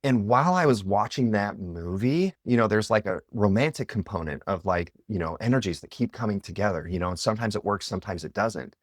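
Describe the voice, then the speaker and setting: A man in his thirties tells personal stories as a podcast guest, in a lively, rambling way with fillers like "you know". His voice sits fairly low, and the sound is close and dry with almost no room echo. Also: fairly quick, few pauses. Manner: animated, filler-heavy, with lots of "like" and "you know". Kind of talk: personal storytelling in conversation.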